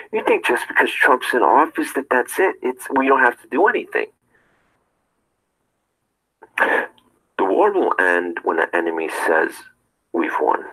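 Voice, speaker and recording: Deep, forceful man ranting. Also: rough recording. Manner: confrontational, fires rhetorical questions. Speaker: streamer. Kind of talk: ranting monologue to viewers.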